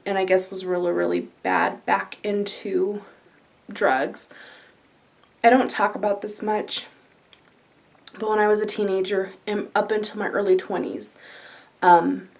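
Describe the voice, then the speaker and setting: A woman talking candidly in a personal vlog from her living room, halting at times with fillers. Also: medium pitch. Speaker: vlogger. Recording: voice a bit distant from the mic.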